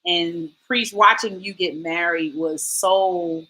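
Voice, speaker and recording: A woman in her forties hosting a casual chat, telling lively stories and acting out quotes. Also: on the low side, takes it slowly, low-quality recording. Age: 40s. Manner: animated storytelling, acts out quotes. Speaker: host.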